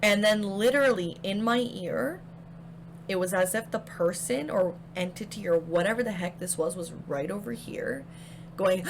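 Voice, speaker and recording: A woman's voice: mid-range voice, moderate pace, slight background noise. A young woman casually recounting her haunted house experiences to camera, chatty and full of fillers. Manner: chatty, filler-heavy, animated retelling. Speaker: paranormal storyteller.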